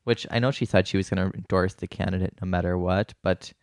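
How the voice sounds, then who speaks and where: A man's voice: low-pitched, steady tone, quick pace, no room sound, studio quality. A man co-hosting a podcast in casual comedic chat, chatty and laughing, with many fillers. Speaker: podcast co-host.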